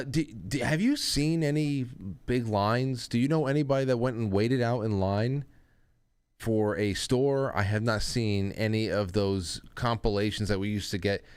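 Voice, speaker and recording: A man's voice: mid-range voice, smooth, no echo. A man hosting a casual talk show, rambling with restarts and asides. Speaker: host.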